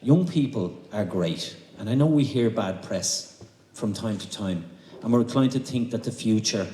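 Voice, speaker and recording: A man's voice: fairly low pitch, expressive, normal speed, dark tone. A man with an Irish accent hosting a charity concert, chatty and jokey, telling a story on a stage mic. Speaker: concert host. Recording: echoey hall, faint noise.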